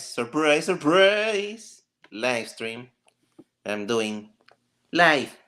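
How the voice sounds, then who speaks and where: A man's voice: mid-range voice, pushed and bright. A man hosting a casual live stream, joking and ranting with frequent laughter. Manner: laughs often, jokey and rambling.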